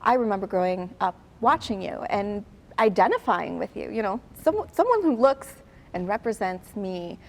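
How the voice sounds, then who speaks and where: Woman, interview host, encouraging, agreeing interjections, mid-pitched voice. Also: sing-song, moderate pace, a little hiss or hum.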